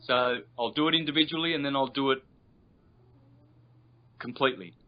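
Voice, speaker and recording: The guest teacher, a man with a mid-range voice, takes a patient, instructive approach and stretches out vowels to show how they sound. He's heard over a video call whose audio is dull and lo-fi.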